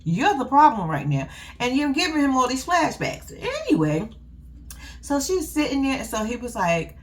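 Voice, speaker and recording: A woman's voice: sits high, wildly swooping pitch, normal speed. A young woman, giving a blunt, sassy, profane casual recap with laughing asides. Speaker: reality TV recap host.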